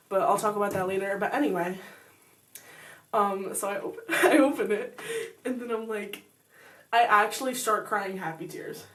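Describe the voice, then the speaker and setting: A woman's voice: on the high side, a bit bright, recorded from a distance. A teenage girl telling a story casually, full of likes and you-knows. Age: teens. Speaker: co-host.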